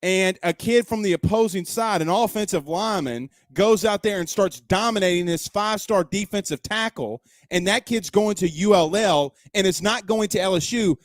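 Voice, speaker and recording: A male sports talk host with a slightly high voice, speaking in a dry, close sound. He argues his points with emphasis, repeats himself for effect and fires off rhetorical questions. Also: moderate pace, hardly any pauses, dry recording. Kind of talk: opinionated sports talk commentary. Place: at home.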